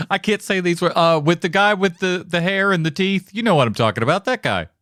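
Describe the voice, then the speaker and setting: A man co-hosting a movie podcast, playful and quick to laugh in casual chat. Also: high-pitched, lively intonation, fairly bright tone, dry recording, studio quality. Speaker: podcast co-host.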